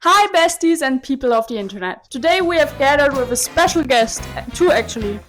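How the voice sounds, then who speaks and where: A woman's voice: sits high, lively intonation, a little fast, a bit bright, soft background music. A young woman hosting a casual cooking vlog in her home kitchen, bubbly and playful, often giggling. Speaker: vlog host. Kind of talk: casual chat.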